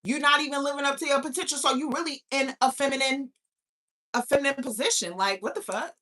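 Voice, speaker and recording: A woman's voice: high voice, fast talker, bright, forceful tone. A woman hosting a live stream, ranting in a profane, incredulous way and firing off rhetorical questions. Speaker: host of a live talk stream. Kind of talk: casual live-stream rant.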